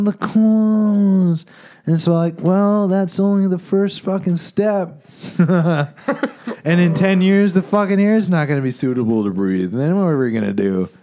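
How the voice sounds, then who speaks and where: A man's voice: on the high side, a little mellow. A man co-hosting a comedy podcast, swearing freely and rambling through crude riffs and jokes. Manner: profane, rambling, riffs into goofy bits. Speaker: podcast co-host.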